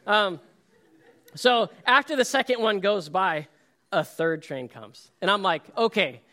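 A man's voice: sits high, measured pace. A middle-aged man preaching a sermon, telling stories and acting out quotes with laughter. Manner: storytelling, animated, acts out quotes with laughs. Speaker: pastor.

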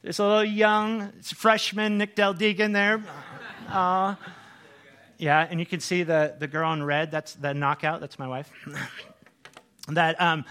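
A middle-aged male pastor telling a story in a sermon, animated, acting out quoted lines. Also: fairly high pitch.

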